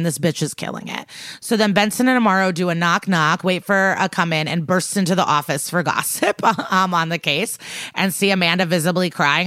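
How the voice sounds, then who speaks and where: A woman with a slightly low voice chats through a TV episode recap as a podcast co-host. She retells scene after scene briskly and tosses off the characters' quotes in passing. The sound is close and dry. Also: a bit bright, no room sound. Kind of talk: casual chat recap.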